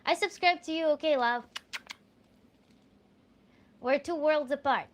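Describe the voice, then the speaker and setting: A woman's voice: sits high, takes it slowly, pauses often. Earnest woman with a Russian accent. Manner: animated and earnest, with restarts and light laughter. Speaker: tantra coach. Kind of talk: answering viewer questions.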